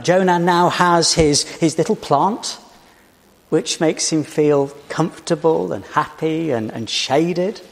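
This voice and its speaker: A British man preaching a sermon in a church, telling the story in a measured way and posing rhetorical questions. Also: fairly high pitch. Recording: reverberant church hall.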